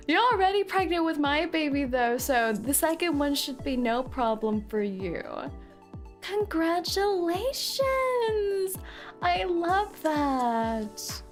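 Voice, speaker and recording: Woman VTuber host: high voice, unhurried delivery, teasing, prone to excited squeals. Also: faint music behind. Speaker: VTuber streamer. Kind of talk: casual livestream chat, reading chat aloud.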